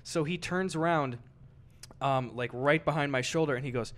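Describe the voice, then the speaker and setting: A man's voice: on the high side, normal speed, a bit bright. A young man co-hosting a podcast, telling a story in casual chat and swearing freely. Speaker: podcast co-host.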